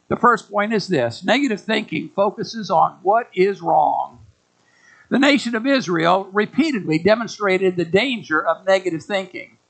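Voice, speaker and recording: A male pastor preaching in a folksy, emphatic way. His voice sits high for a man and has a gravelly, fry-laden edge. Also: fairly bright tone, low-quality recording. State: out of breath. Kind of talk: sermon.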